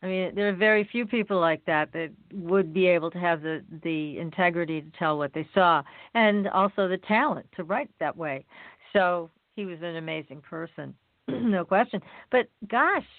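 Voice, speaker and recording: A woman hosting a radio interview, reacting with quick agreement and asking her guest questions. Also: on the low side, dry recording. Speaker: radio show host. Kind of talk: casual phone interview. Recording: dry tinny phone line.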